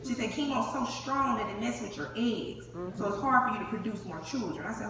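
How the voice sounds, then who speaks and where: A woman's voice: on the high side, a little fast. A young woman, telling her own survival story to a live audience and acting out each voice in it. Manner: animated, acts out the dialogue. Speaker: breast cancer survivor giving a testimony. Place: large hall before an audience. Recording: echoey hall, far from the mic, crowd noise.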